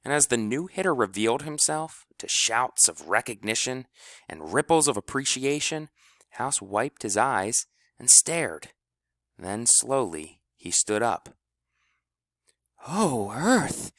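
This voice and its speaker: A man narrating an audiobook with expressive storytelling. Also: medium pitch, measured pace, no echo, studio quality.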